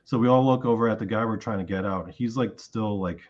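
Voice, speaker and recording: Quick-paced and fairly low in pitch, this man is heard on a muffled recording. He's an interview guest giving an animated, casual retelling of a long dream, acting out the lines he said in it.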